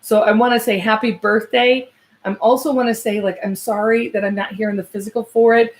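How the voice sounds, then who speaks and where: A woman who works as a psychic medium gives a live reading in a slightly high voice with fairly even intonation. She sounds hesitant and searching, full of fillers and restarts, then turns soft and slow when she relays messages.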